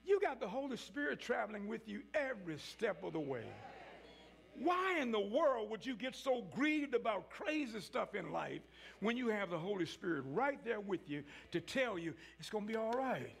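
High-voiced preacher building to shouts. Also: male voice, very animated, normal speed, gravelly, slightly rough. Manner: call-and-response preaching, rising to shouts. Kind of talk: sermon.

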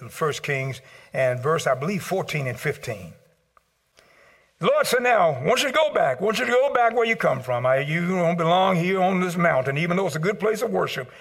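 A man preaching a sermon as pastor, swinging between shouted peaks and hushed low passages and calling out to the congregation. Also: breathy edge. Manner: calls out to the congregation. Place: church service.

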